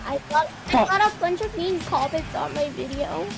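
Very high-voiced woman gaming. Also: animated, moderate pace, vocal fry, over music. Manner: upset, close to tears. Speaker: streamer, channel owner. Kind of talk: casual gaming chat.

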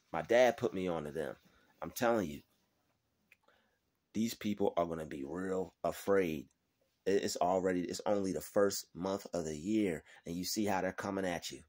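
A man giving a faith-based motivational pep talk to his viewers, emphatic and repetitive, swearing freely as he drives his points home. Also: low-pitched.

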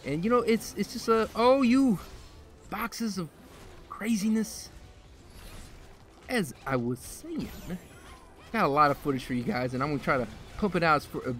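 A man hosting a gaming video, giving casual, excitable commentary while he plays, a little out of breath, with sudden loud outbursts. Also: fairly high pitch.

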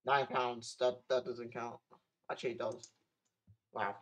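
A man's voice: mid-range voice, little pitch movement, unhurried, long pauses, fairly bright tone, low-quality recording. A young man from the UK chatting casually on a live stream, rambling with restarts and sudden exclamations. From United Kingdom.

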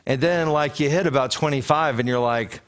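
Male rabbi, 30s, animated storytelling sermon with frequent restarts. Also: mid-range voice, brisk, clean tone. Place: congregation sanctuary.

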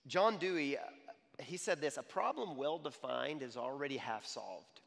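A man in his thirties giving a conversational sermon to young adults, animated and checking in with the crowd. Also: medium pitch, brisk, gravelly. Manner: animated, repeats "okay?" to the crowd. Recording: long hall reverb.

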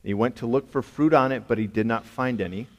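A man preaches to a congregation in a relaxed, conversational way, leaning on rhetorical questions and firm emphasis. His voice sits at an ordinary middle pitch. It rings out with a long reverb, as if in a large church hall. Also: a little fast. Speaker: pastor. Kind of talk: sermon. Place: church sanctuary.

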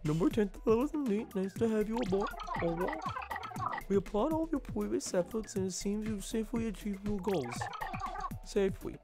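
A man voicing a polite but menacing male sea-creature train conductor, reading the game's lines aloud with customer-service courtesy and deadpan threats. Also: high voice, moderate pace, music in the background. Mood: mock polite. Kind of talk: reading game dialogue aloud in a put-on voice.

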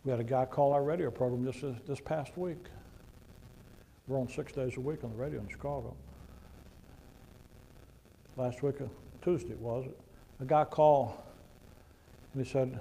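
A man preaching a sermon to a congregation, conversational and emphatic, with sudden loud punches. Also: medium pitch, moderate pace, vocal fry, long pauses, a little hiss or hum, rough recording. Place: church before a congregation.

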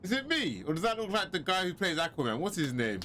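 Man, casual gameplay commentary, lively bright voice, faint background hiss. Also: sits high, fast talker. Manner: chatty, excitable, joking asides. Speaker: gaming commentator. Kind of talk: casual let's-play commentary.

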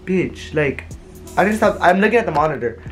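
Faint music plays as a young adult vlogger shows off new purchases in a casual haul video. Chatty and rambling, they tell animated stories in a mid-range voice that runs a little fast.

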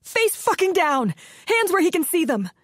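A woman narrator voicing a tough mother shouting commands at a captor in an audiobook. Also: very high-pitched, very animated, normal speed, no room sound, clean studio sound, pitched above the performer's own voice. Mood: shouting orders. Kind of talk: audiobook character voice.

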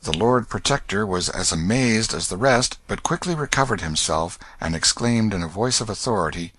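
Man narrating a classic novel, lowish voice, dry close sound. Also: a bit bright, no echo. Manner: measured storybook reading. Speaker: audiobook narrator. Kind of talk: scripted narration.

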